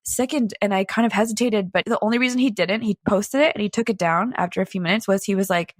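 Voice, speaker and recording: A woman's voice: mid-range voice, no echo. Young woman telling what happened to her, lots of likes and restarts, dry close sound. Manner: halting, frequent "like" fillers and restarts, emotional recounting. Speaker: guest recounting a personal experience. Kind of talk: candid personal testimony.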